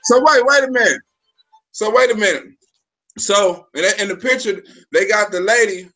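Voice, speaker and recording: A man hosting a casual livestream chat, loose and slangy, swearing freely and bursting into shouts. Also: sits high, moderate pace, faint music behind. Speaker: livestream host.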